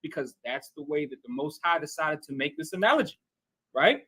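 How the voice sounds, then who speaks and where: A man teaching scripture in a bible class talks conversationally, regularly asking "right?" and calling on readers. His fairly high voice is animated, a little fast, pushed and bright with a breathy edge, and the recording is rough.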